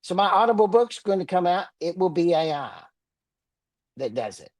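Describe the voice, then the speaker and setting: A man's voice: sits high, big pitch swings, normal speed, no echo. An older man with a Texan accent, speaking as a guest author in a casual interview, plainspoken and blunt with dry humor. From Texas Panhandle.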